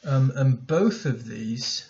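A man's voice: medium pitch, animated, takes it slowly, darkish tone, dull audio. A male teacher talking through a poem in a recorded lesson, thinking aloud as he writes notes, with many ums and restarts.

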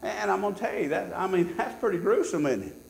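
A pastor preaching a sermon in church, swinging between loud high peaks and low, quiet asides. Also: male voice, expressive, fast talker, creaky, reverberant.

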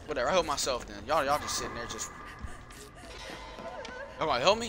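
A man giving casual live commentary over his own gameplay, excitable and easily frustrated, repeating phrases and using slang. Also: on the high side, quick pace, pauses often, slight background noise. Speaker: gaming YouTuber.

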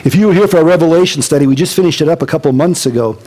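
A male pastor giving a casual Bible-teaching sermon to his congregation, animated and conversational with joking asides. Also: fairly high pitch, racing. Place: church service before a congregation.

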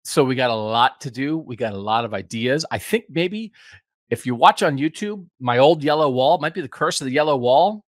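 A man's voice: medium pitch, animated, moderate pace, no echo, studio quality. A man in his fifties, a podcast host giving a casual, rambling, self-deprecating update from home. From United States. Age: 50s.

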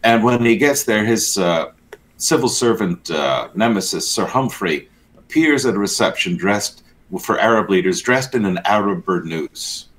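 A man's voice: lowish voice, animated, moderate pace, a bit bright, slight background noise. A man co-hosting a church news show, giving blunt, sardonic commentary in casual banter.

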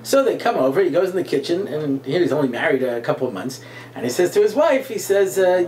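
A middle-aged man, a rabbi being interviewed, telling stories and jokes with lively character voices. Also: brisk, a little hiss or hum. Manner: animated joke-telling, acts out characters with jumps in pitch. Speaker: guest speaker, rabbi. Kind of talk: storytelling interview chat.

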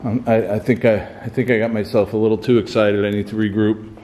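A man's voice: fairly low pitch, level tone, fairly quick, dark tone. Male paranormal vlogger filming solo on a camera mic, edgy and breathless, with a faint hiss behind. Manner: nervous, breathless, swearing, calling out to spirits. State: sweating and dizzy. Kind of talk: alone ghost-hunting vlog. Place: inside an empty house at night.

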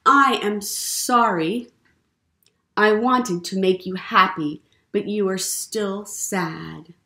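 A woman's voice: high-pitched, big pitch swings, measured pace, pitched above the performer's own voice. A woman reading as an earnest little pig. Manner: simple, earnest picture-book delivery. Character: eager, kind little pig trying to cheer a friend. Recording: roomy library room echo.

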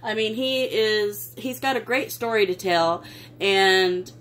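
A woman's voice: medium pitch, takes it slowly, a bit bright, slight background noise. Gushing woman vlogger. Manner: gushing, sentimental, exclaims often. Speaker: craft vlogger. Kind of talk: casual unboxing chat.

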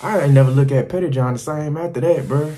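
Higher-voiced man telling crude stories. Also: fast. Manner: animated, crude and rambling, slipping into quoted voices. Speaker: travel vlogger. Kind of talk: casual storytelling to camera.

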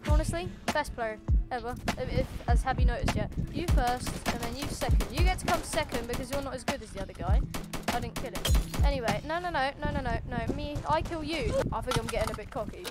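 High-voiced woman in excitable gameplay commentary. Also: fast talker. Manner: excitable, playfully cocky trash talk. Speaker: gaming channel host. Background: loud game music and gunfire.

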